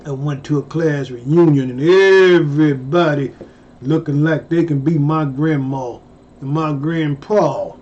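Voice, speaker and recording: High-voiced man with a slow, profane drawl. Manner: exclaims loudly, jumping high in pitch and swearing. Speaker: storyteller vlogger. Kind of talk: casual profane storytelling monologue. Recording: dull lo-fi recording.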